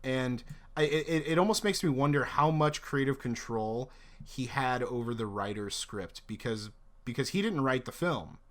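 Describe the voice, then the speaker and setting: Man, casual film talk, excitable, rambling, restarts, middle pitch. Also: moderate pace. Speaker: podcast co-host.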